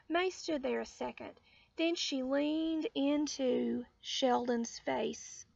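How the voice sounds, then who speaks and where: A woman narrating a children's storybook in an expressive, unhurried way. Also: high voice, dry recording. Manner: slow, expressive, gently gravelly. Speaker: audiobook reader. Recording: dull lo-fi audio.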